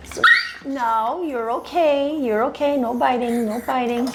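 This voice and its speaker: A high-pitched, slow-speaking woman guides viewers through a dog groom at an indoor table in a very noisy recording. She alternates coaxing with firm corrections to the dog and chats to the audience.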